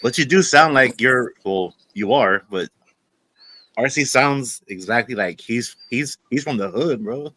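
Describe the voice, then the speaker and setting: A man's voice: mid-range voice, expressive, a little slow, sharp tone, dry recording. A man in his forties chatting casually on a live stream, laughing easily and hesitating with lots of fillers. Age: 40s. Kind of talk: casual chat.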